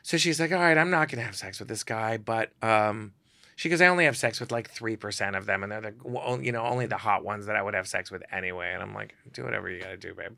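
Gravelly, bright-voiced man telling stories. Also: on the low side, fast, no echo. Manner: animated, acts out quoted voices. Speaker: guest storyteller, celebrity photographer. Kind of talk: casual storytelling.

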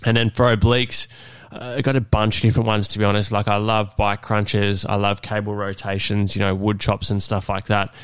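A congested man with a nasal voice talks through his podcast, loose and unhurried, full of fillers and restarts. His low voice stays fairly flat, smooth and clear on a close, dry mic. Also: no echo. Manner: relaxed, many fillers and restarts. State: unwell, congested. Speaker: fitness podcast host. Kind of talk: solo podcast talk.

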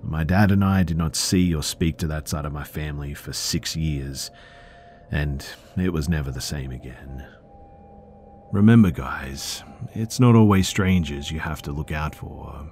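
A man calmly narrating true scary stories in a low-key, subdued way. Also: a little slow, a little hiss or hum. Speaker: storyteller.

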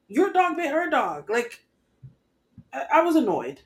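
A woman co-hosting a podcast, recapping an episode in casual chat with expressive, exasperated commentary. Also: high voice, measured pace. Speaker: podcast co-host.

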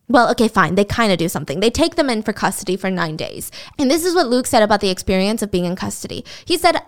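A woman hosting a podcast, telling a story in a casual, animated and indignant way. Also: mid-range voice, quick pace, hardly any pauses. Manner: animated, indignant, acts out quotes. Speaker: podcast host.

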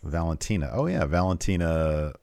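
A man's voice: moderate pace, no echo. A man co-hosting a podcast, chatting casually about a wrestling show and acting out what was said. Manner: animated, acts out quotes with big pitch jumps. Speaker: podcast co-host. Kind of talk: casual wrestling recap chat.

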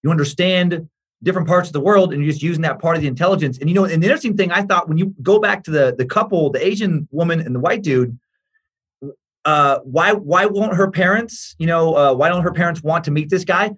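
A man's voice: a little high, fairly bright tone, husky. A man who is a comedian, a guest on a podcast, rambling in casual chat with many fillers and emphatic swearing.

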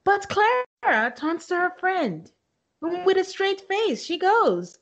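A woman co-hosting a podcast recaps a show in casual chat, chatty and laughing often, quoting people as she retells it. Her voice is very high-pitched with big pitch swings, gravelly and a bit bright, and she takes it slowly.

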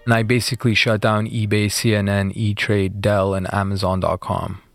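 Low-voiced man telling his story. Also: normal speed, vocal fry, no room sound, clean studio sound, faint music behind. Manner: relaxed, filler-heavy retelling with acted quotes. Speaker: interview guest. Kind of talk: casual storytelling.

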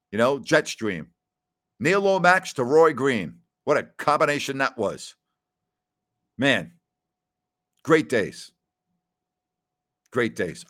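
A man's voice: mid-range voice, no echo, clean studio sound. A middle-aged man from New York hosting a radio talk show, telling rambling, nostalgic stories with plenty of fillers. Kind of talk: casual call-in show chat.

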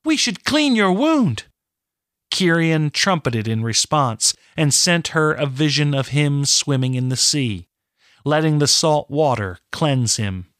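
Guy reading a fantasy story real slow, dry close sound. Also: medium pitch, fairly bright tone, dry recording. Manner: measured, deliberate storytelling. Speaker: audiobook narrator. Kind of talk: scripted narration.

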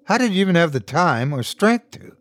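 Guy playing a fed-up husband snapping at his wife, lively pitch, dry sound. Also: brisk, no echo. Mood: outraged. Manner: snapping, exasperated. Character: stunned, angry husband, adult man.

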